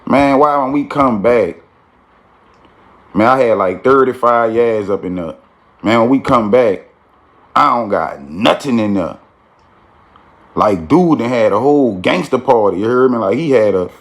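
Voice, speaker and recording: A man's voice: medium pitch, moderate pace. A man telling a street story in a casual, slangy way, with frequent "you feel me" tags.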